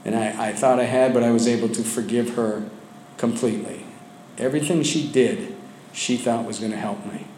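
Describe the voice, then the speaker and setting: A man sharing his personal story with a support group, speaking candidly and haltingly with frequent restarts, sometimes dropping low and quiet. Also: fairly even intonation, a little hiss or hum. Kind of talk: personal testimony. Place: meeting room with a group of men. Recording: echoey room with faint ambience.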